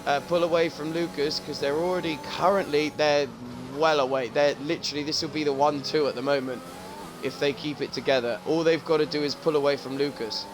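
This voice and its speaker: A man's voice: on the high side, steady tone, brisk, noisy background. A man commentating a sim racing league, joking and swearing as he talks. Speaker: race commentator.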